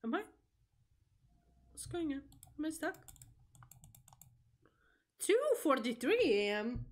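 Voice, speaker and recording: A young woman streaming a horror game, reacting out loud, swearing and talking to the game as she plays. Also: high voice, sing-song, slow pace. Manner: jumpy, swearing, talks to the game. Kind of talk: live gameplay reaction.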